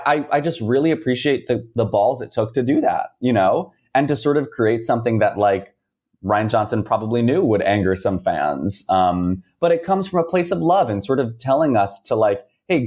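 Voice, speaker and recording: A man's voice: mid-range voice, darkish tone. A man being interviewed as a musical writer, speaking earnestly and casually with many fillers. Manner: enthusiastic, filler-heavy, earnest.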